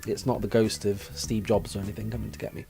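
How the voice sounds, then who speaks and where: A man's voice: fairly low pitch, level tone, fast, gravelly, warm tone, soft background music. A young man hosting a casual live stream, musing aloud and reading viewers' chat messages from a desk mic at home. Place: room at home with his dog.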